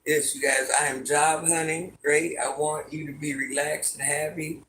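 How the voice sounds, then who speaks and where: A woman's voice: low-pitched, flat delivery, normal speed, a bit bright, slight background noise. Easygoing grandmother chatting on a livestream. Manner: easygoing, answers chat comments one by one, addresses viewers by name. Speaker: livestream host reading viewer comments. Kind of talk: casual live-stream chat.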